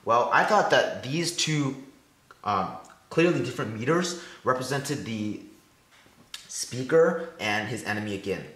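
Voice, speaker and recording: A man's voice: medium pitch, animated, a little slow, fairly bright tone. A teenage boy giving a class presentation, explaining step by step and sounding out stressed and unstressed syllables one at a time. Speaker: student presenter. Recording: echoey room with faint music.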